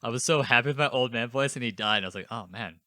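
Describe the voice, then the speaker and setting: A man's voice: medium pitch, rapid-fire, sharp tone, no echo, studio quality. A man co-hosting a casual gaming podcast, rambling and tripping over restarts as he talks. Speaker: podcast co-host. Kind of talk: casual chat.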